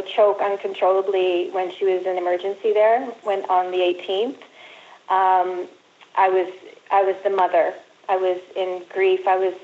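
A middle-aged woman telling a personal story as a guest and reading from her own book in a halting, earnest way. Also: medium pitch. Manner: halting, earnest, pauses often. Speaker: guest, mother and author. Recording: dull lo-fi sound.

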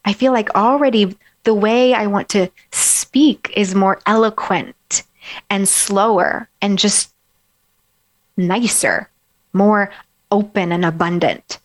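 A woman life coach giving a gentle, encouraging self-help talk and guiding the listener through slow breaths. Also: medium pitch.

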